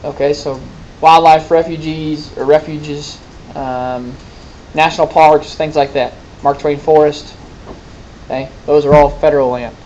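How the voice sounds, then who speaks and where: A male teacher lectures to a classroom in a slightly high voice, talking casually and throwing questions at his students. A faint rumble hums under the recording. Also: steady tone, a little slow, darkish tone, highs cut off. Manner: conversational, quizzing students, folksy asides.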